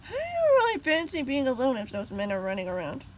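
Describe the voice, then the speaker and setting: A woman's voice: sits high, huge pitch swings, fairly quick, a little hiss or hum, low-quality recording. A woman voicing a nervous young girl in a storybook reading.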